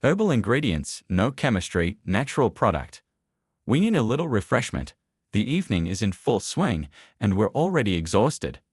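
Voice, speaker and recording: A man's voice: on the low side, big pitch swings, moderate pace, slightly rough, dry recording, clean studio sound. A man voicing a cocky young male student who speaks in a casually persuasive way. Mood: coaxing.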